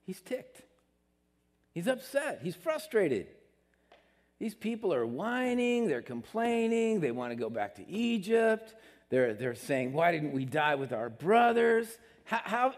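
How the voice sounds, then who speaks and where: A man's voice: high-pitched, big pitch swings, measured pace. A man preaching a sermon in an earnest, conversational way, with emphatic rises on his key points. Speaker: pastor. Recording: long hall reverb.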